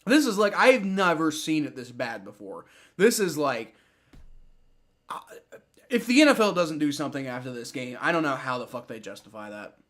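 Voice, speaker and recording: A man giving excitable live play-by-play reactions to a football game, swearing and repeating himself often. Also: on the high side, moderate pace.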